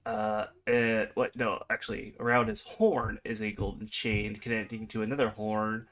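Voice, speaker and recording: A man's voice: lowish voice, flat delivery, moderate pace, a bit bright. A man narrating as game master in a tabletop game, describing things hesitantly with many fillers.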